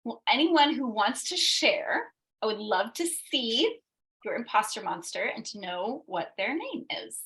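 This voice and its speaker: Animated woman leading a coaching workshop. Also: on the high side, a little slow, low-quality recording. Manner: animated, acts out quoted voices, frequent tag questions. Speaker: workshop presenter. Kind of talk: interactive coaching workshop talk.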